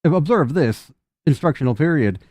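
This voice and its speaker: Man voicing a junk robot, stiff and overly formal, slightly raised pitch, mellow dry tone. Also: animated, moderate pace, no echo. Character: stinky, overly polite male junk robot.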